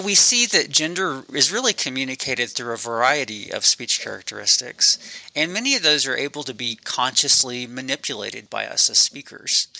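A male researcher talks through his study in a measured, academic manner. His voice is very bright and crisp-edged. The sound is dry and close, with no room around it. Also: mid-range voice, no echo, low-quality recording. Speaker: speech researcher guest. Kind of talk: explaining research in an interview.

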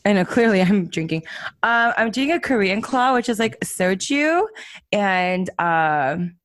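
A woman co-hosts a casual podcast, rambling and giggling through her chat with plenty of fillers. Her voice sits at a medium pitch with lively intonation, moving a little slowly, and there's no echo.

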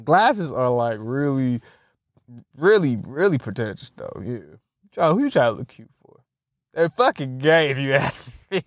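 A young man with a high voice rambles through a casual monologue, swearing freely and laughing at his own stories. The sound is dry and close, with no room around it. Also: measured pace, dry recording. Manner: profane, laughing, animated storytelling.

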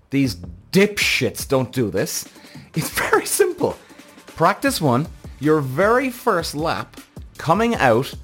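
Host type: worked-up, cursing man, fairly high voice that swings widely, soft music underneath. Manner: heated, profane, exasperated ranting. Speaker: F1 reaction show host. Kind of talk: ranting commentary vlog.

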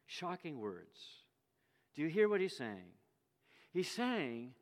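A man preaching a sermon in a slightly high voice, animated and storytelling, acting out voices as he goes. His words ring out with a long hall reverb, as in a church. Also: slow pace, long pauses.

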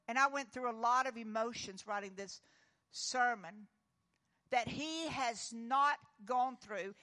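A woman pastor giving an earnest, comforting sermon, dropping to a hush and then rising with emphasis. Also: high voice. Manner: earnest, comforting, moves between hushed and emphatic.

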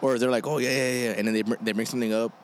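A man's voice: medium pitch, fairly even intonation, racing, a little hiss or hum. A man co-hosting a casual podcast, rambling with lots of fillers and laughing along easily. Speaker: podcast co-host.

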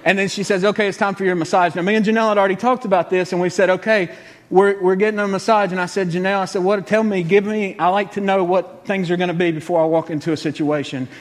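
A man's voice: high-pitched, steady tone, fast, big-room sound. A man telling a comic story in a folksy, exasperated way.

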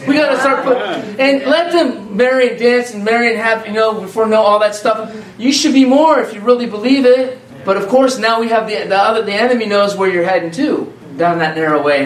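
A man preaching an informal sermon to a congregation, talking conversationally with repeated phrases and restarts. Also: sits high. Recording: echoey room from far off.

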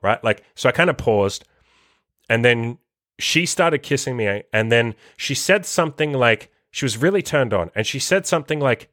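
Young male dating coach, casual storyteller, crude and rambling, average pitch, dry close sound. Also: lively intonation, brisk, a bit bright, no room sound. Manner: loose, profane, many fillers and restarts.

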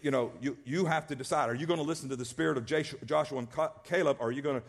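A man's voice: fairly high pitch, racing. A male pastor preaching a sermon, emphatic and repetitive, often restarting his words. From American South.

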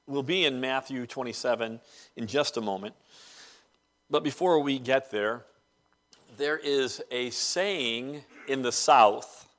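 A man preaching a sermon as pastor of a church, conversational with dry humor and pauses. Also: medium pitch, fairly bright tone.

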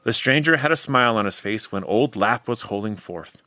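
Bright male narrator for a period ghost story, measured and expressive. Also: lowish voice, dry recording.

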